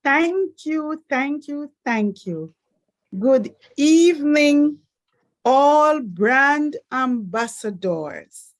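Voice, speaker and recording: High-voiced, measured woman. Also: expressive. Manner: measured, formal. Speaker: call participant. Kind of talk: formal testimony.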